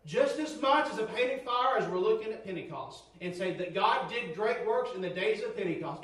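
A man preaching a sermon, fervent and swinging from near shouts to low storytelling tones. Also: animated, normal speed, few pauses, recorded from a distance. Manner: fervent, rising to near shouts, dropping low for quoted stories. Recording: roomy echo, from off-mic.

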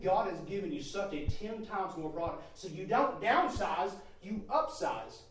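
A man preaching a testimony sermon, emphatic, swinging from quiet talk to near-shouting and calling his listeners brother and sister. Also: high voice, animated, a little slow. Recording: echoey hall from far off, faint noise.

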